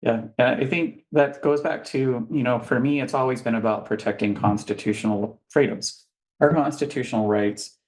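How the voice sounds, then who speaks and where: A man's voice: mid-range voice, moderate pace, a little mellow. A man who is a guest on a political talk show and campaigns for office, speaking earnestly and building his points through repetition like a stump speech.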